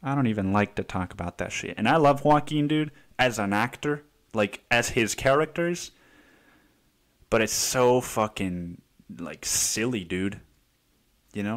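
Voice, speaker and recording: A man in the middle of a solo podcast rant, his voice sitting at an ordinary middle pitch. He rambles and swears freely, tossing in "dude" every few words. He keeps restarting his sentences with exasperation. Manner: profane, rambling, says "dude" constantly. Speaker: podcast host.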